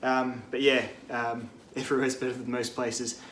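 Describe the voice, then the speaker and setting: A young Australian man hosting a channel answers viewer questions in a casual Q&A, joking loosely and swearing freely. His medium-pitched, slightly bright voice has little pitch movement and a moderate pace, recorded in an echoey room with faint noise.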